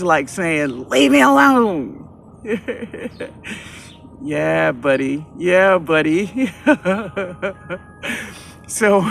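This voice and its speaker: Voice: mid-range voice, vocal fry. A home gardener with a New Orleans accent, giving a casual, enthusiastic walk-through of their own backyard garden and often addressing viewers as "y'all.". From New Orleans, USA. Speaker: home gardener, channel host.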